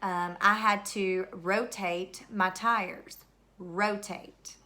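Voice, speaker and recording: During a recorded classroom lesson, a woman leads third grade word study in a steady, bright and forceful mid-range voice. She is slow and patient, deliberately repeating each word for the students to spell.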